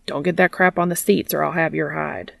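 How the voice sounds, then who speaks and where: Woman doing a blunt wry ghost hunter guy, super gravelly, dry close sound. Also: deep voice, fairly even intonation, brisk, dry recording, heavily acted. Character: gruff adult male ghost hunter.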